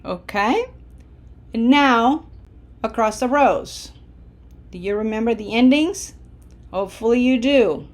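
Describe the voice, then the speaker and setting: A woman teaching Spanish verb endings, drilling each form slowly and encouraging her students. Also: on the high side. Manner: slow, deliberate drill pronunciation with encouraging asides. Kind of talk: language lesson.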